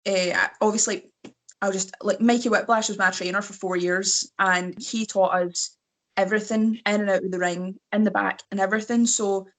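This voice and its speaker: A woman with a Scottish accent, a wrestler talking as a guest in casual chat, slightly hoarse and laughing often between fillers. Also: mid-range voice, fairly even intonation, moderate pace.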